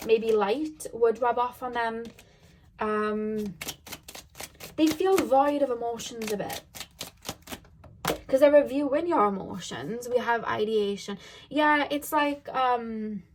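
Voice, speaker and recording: A woman talks through a tarot reading in a casual, conversational way. Her voice sits a little high. She is frank and matter-of-fact, and her speech is full of fillers and restarts. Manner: chatty, loose, with many fillers and repeated phrases. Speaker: tarot card reader.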